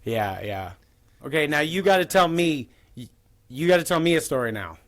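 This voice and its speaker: A man's voice: on the high side, lively intonation, normal speed, fairly bright tone. A man telling a rambling tabletop-game story in casual podcast chat. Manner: rambling, with many restarts.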